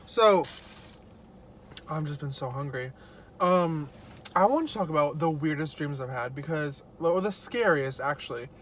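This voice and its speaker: A man's voice: a little high, measured pace, a bit bright, slight background noise. A young man vlogging casually as he eats, telling stories in a chatty way with lots of fillers. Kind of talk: casual mukbang chat.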